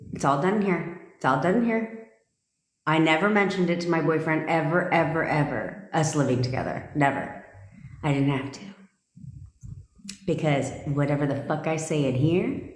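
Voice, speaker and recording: Speaking in a medium-pitched, slightly bright voice, a woman manifestation coach on a live stream talks bluntly and intensely, swearing a lot, repeating her points and responding to viewer comments. The room is echoey, with long reverb.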